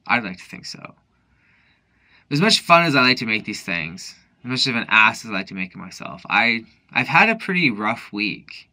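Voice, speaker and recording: Tipsy man in a bright put-on Irish brogue. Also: on the low side, sing-song. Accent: put-on Irish, drifting to Newfoundland. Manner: rambling, halting, with many restarts. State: drunk. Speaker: vlogger. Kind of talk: rambling late-night monologue.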